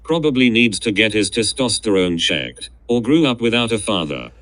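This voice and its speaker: A man's voice: on the low side, very animated, normal speed, a bit bright, no room sound. A man reading viewer chat messages aloud during a live stream. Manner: reads out chat messages plainly.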